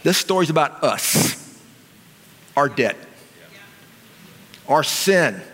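A man's voice: fairly high pitch, animated, drawn-out words, a bit bright. A male pastor preaching a sermon in a church, talking in a conversational way and asking his audience questions. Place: church sanctuary. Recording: long reverb of a large hall.

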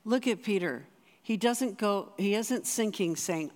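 An earnest speaker preaching in a relaxed, conversational way, stumbling and restarting phrases as ideas come. The voice sits in a middling pitch. A long reverb trails each phrase, as in a large church. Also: unhurried. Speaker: spiritual director giving a talk. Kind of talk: sermon.

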